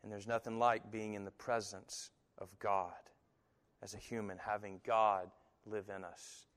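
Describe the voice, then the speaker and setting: A man's voice: on the low side, a little slow. Man preaching in a reverberant hall. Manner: animated storytelling, puts on other voices in quotes. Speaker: pastor. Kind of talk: sermon.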